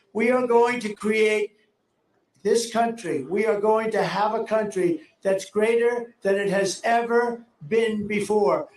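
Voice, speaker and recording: A man giving a campaign rally speech outdoors, speaking in boastful, repetitive, punchy declarations. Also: high voice. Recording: echoey, distant rally audio with faint ambience.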